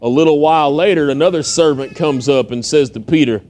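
An American man preaches a storytelling sermon, retelling a tale in a folksy, conversational manner and acting out the quotes. His voice is a little high, brisk and slightly mellow.

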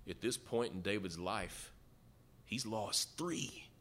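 A man's voice: lowish voice, slow pace, fairly bright tone. A man preaching a sermon, retelling a story in a folksy way and acting out the quotes. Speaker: pastor.

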